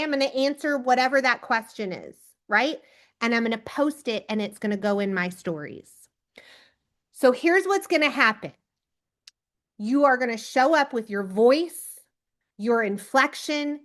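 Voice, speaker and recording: A woman leading a team training on a video call, giving an energetic pep talk and calling on people by name. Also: high-pitched. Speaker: team leader coaching recruits.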